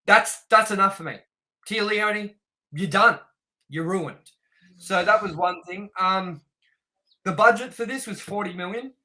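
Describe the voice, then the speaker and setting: Bright, animated man reviewing films. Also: sits high, measured pace, pauses often, rough recording. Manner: blunt, animated, reads trivia aloud. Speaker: podcast co-host. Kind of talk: casual film review chat.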